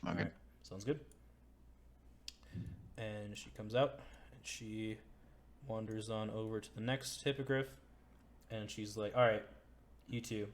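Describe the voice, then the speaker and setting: A man's voice: on the low side, steady tone, slow, long pauses. A man narrating as game master in an easygoing, chatty way. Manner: easygoing, chatty, lots of fillers.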